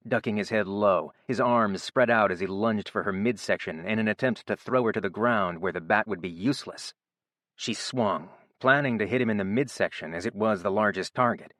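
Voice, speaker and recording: A man narrating an audiobook in a steady, even storytelling voice. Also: fairly low pitch, no room sound, clean studio sound. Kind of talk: scripted narration.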